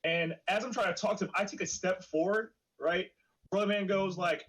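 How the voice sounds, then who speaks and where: A man's voice: high voice, normal speed, poor audio. A man co-hosting a podcast, telling a tour story in casual chat and acting out the people in it with lots of laughing. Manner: animated storyteller acting out quotes, laughing often. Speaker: podcast co-host, band member.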